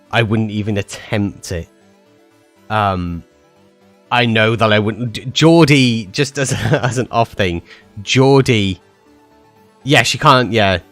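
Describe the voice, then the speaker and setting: Low-voiced man rambling on a stream. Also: fairly bright tone. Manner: rambling and chatty, with many fillers and restarts. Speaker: live streamer and voice actor. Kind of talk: casual live-stream chat with viewers.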